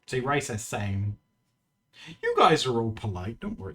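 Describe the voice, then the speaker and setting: A man's voice: mid-range voice, sing-song, normal speed, a bit bright. A man streaming live, chatting casually with his viewers in a teasing way and laughing often.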